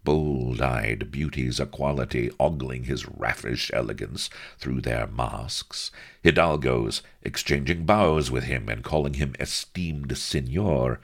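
A man's voice: very deep voice, slow pace. A man narrating a comic story in a dry, wry manner.

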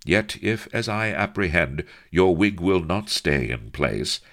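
A man's voice: low-pitched, sing-song, a little slow, a bit bright, voice pushed up, full character voice. A man voicing an earnest, helpful young male naval captain who talks politely and a little fussily. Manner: polite, eager to help, fussy.

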